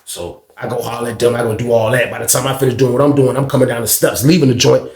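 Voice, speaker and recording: A man's voice: medium pitch, fairly even intonation, fast talker, gravelly, darkish tone, reverberant. Slangy man in his thirties telling a story. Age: 30s. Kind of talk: casual storytime.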